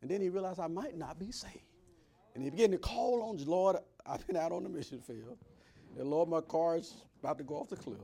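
A man preaching a sermon, swinging between loud preaching and hushed asides. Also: a little high, expressive, fairly quick, vocal fry. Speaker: pastor.

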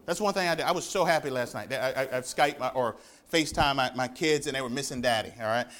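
A man in his thirties preaching a sermon in a church, animated, often repeating words as he builds up. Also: mid-range voice, fast. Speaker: pastor.

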